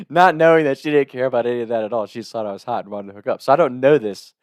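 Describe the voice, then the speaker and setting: A man telling a funny personal story in a casual, animated way, laughing often and swearing freely. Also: medium pitch, fast, no echo, studio quality.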